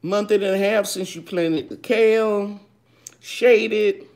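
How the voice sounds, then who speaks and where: A woman's voice: medium pitch, fairly even intonation, slow, darkish tone. A woman hosting a live gardening chat. She reads viewers' questions aloud and answers them in a homey, loose way, calling people baby. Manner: loose, with fillers and restarts. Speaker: gardening show host.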